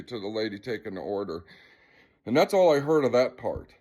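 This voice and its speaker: Male vlogger, slightly high voice, heated and profane, rambling casual storytelling. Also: sing-song, normal speed, darkish tone. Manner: agitated, profane, rambling retelling.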